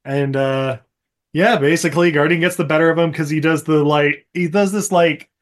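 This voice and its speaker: A man's voice: a little high, fairly even intonation, moderate pace. A man hosting a podcast, casually recapping a movie with lots of laughs and swearing, slipping into silly character voices. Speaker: podcast host.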